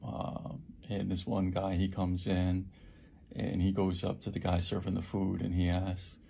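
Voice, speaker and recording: A man who works at a homeless shelter recounts an attack in a halting personal account, with many fillers and restarts. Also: low-pitched, completely flat delivery, gravelly, dark tone, husky.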